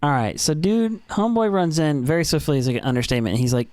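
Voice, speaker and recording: A man's voice: fairly high pitch, very animated, fast, a little mellow, dry recording. A man hosting a podcast, recapping an anime episode with enthusiasm and acting out characters' lines. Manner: enthusiastic, acts out lines while retelling. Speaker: podcast host.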